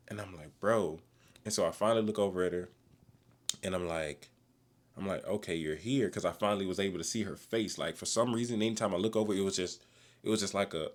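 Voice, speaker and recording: A man casually telling a story about himself, slangy and full of swearing, recording himself on a phone in a car. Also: low-pitched. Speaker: vlogger.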